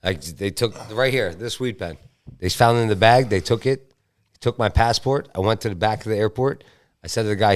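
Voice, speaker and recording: A man co-hosting a podcast, telling a story in casual chat, profane and rapid. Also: lowish voice. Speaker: podcast co-host.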